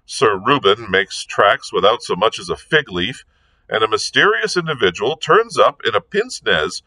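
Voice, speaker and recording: A man reading aloud and voicing a jaunty, excitable aristocratic gentleman detective, full of exclamatory upper-class banter. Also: mid-range voice, dry recording, exaggerated voice, rough recording. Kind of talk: read-aloud novel dialogue.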